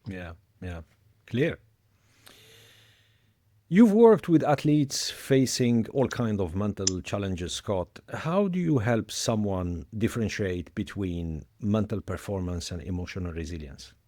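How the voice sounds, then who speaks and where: A man hosting a podcast who asks his guest measured, drawn-out questions. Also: on the low side, sing-song, mellow, no room sound. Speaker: podcast host. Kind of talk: interview questions.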